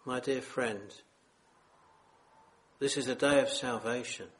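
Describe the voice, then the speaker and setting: Male preacher, unhurried sermon, earnest pleading tone, mid-pitched. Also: fairly even intonation, fairly bright tone. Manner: earnest, solemn, pleading with listeners.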